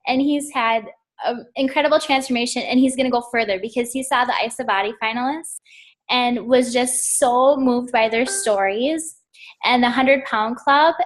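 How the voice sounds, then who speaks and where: A woman sharing an emotional, gushing story in casual talk on a team call. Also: a little high. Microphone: call audio.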